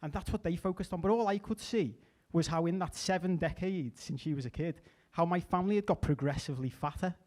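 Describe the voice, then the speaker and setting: A middle-aged man performing a stand-up comedy set, chatty with deadpan asides and small restarts. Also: on the high side, fairly quick, hardly any pauses. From England.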